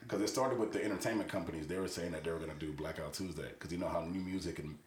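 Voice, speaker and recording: A man co-hosting a casual talk show, relaxed and agreeable, chiming in to back up his partner. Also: low voice, rapid-fire, a little hiss or hum. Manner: relaxed, agreeable, backs up the other host. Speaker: podcast co-host. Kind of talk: casual chat. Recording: roomy echo.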